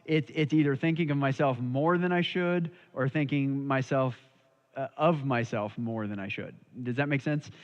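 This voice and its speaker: Male Bible study leader, chatty and conversational, mid-pitched voice, dull lo-fi recording. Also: normal speed. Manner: conversational, checks in with listeners. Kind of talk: casual church Bible study teaching.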